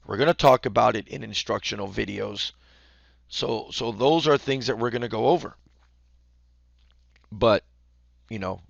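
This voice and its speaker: A man coaching basketball, explaining defense casually and acting out the calls he yells courtside. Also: lowish voice, creaky, no room sound, muffled recording. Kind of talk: instructional talk.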